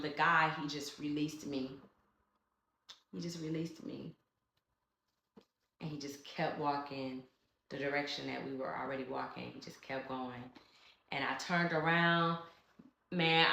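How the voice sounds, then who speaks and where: A woman recounts a personal story for her vlog, speaking in a fairly low voice with a bright, tense edge. She is emotional and chatty and addresses her viewers directly. Her voice rings in an echoey room. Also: fairly even intonation, a little slow, a little hiss or hum. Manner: emotional, conversational, talks straight to viewers. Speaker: vlogger.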